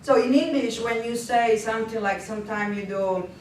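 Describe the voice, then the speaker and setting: In a very echoey room, a woman gives a workshop presentation as a language instructor, speaking at a moderate pace with a fairly high voice. She's lively, laughs often, and hesitates a lot, and the audio is distant with faint noise.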